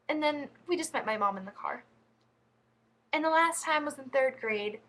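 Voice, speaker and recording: A woman's voice: high voice, lively intonation, moderate pace, pauses often, fairly bright tone. A woman vlogging, telling embarrassing stories in a chatty, giggly, rambling way. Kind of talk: casual storytelling to camera.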